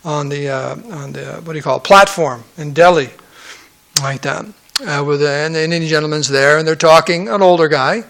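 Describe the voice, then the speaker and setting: A man with a fairly high, bright voice teaches a scripture class in a relaxed, conversational way. He breaks off from the reading for joking asides and puts on quoted voices. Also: fairly quick, gravelly. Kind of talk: sermon-style scripture class.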